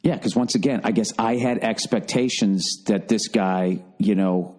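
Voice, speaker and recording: A man hosting a solo comedy podcast, ranting profanely and swinging from shouted outbursts to low grumbling. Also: unhurried, husky. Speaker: podcast host.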